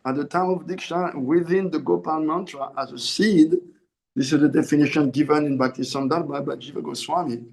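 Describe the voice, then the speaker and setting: Earnest swami man, fairly high voice. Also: steady tone, fairly quick, vocal fry. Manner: earnest, repeats and corrects himself mid-phrase. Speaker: swami giving a spiritual discourse. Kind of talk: sermon.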